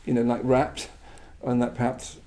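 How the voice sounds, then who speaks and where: A middle-aged man from England giving a reflective Buddhist talk, halting and full of restarts, with quiet trailing asides. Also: medium pitch, completely flat delivery.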